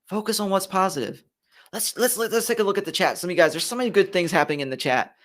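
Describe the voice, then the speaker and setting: High-voiced man giving a motivational live talk. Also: fast. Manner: animated, repeats key phrases, addresses viewers as guys. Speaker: host of a motivational live stream.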